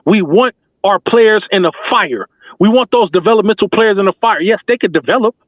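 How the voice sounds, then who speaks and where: A man's voice: high-pitched, lively intonation, fairly quick, no echo. A man giving passionate, slangy basketball fan commentary as a talk show host, emphatic and repetitive like a preacher. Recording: tinny phone-like dry sound.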